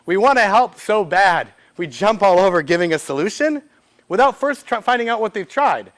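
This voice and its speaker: A man speaks at a business event. He talks to a live audience in a lively way. He acts out little snippets of conversation and throws questions to the room. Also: sits high, moderate pace. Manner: lively, quotes made-up dialogue with audience questions. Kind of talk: live workshop talk.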